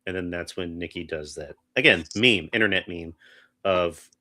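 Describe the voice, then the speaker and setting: Here a man co-hosts a podcast, casually reviewing a movie in a low voice with a sharp tone at a moderate pace. Expect rambling, lots of restarts, and quotes acted out.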